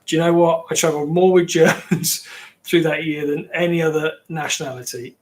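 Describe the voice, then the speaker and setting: English guy rambling away on a livestream, bit of a higher voice, chatty with viewers. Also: steady tone, brisk, a little mellow. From England. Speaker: livestream host. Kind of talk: casual livestream chat.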